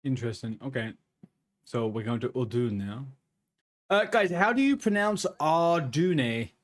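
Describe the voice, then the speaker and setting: A man's voice: medium pitch, expressive, unhurried. A man chatting casually while streaming a game, reading chat and puzzling over pronunciations in a playful way.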